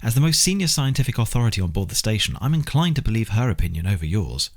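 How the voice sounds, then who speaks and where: A man giving voice to an anxious compliance officer, earnest and insistent, his delivery lively and rising. A husky audiobook character pleading the case for caution. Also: lowish voice, fast, pitched above the performer's own voice. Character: anxious male compliance officer, expectant father.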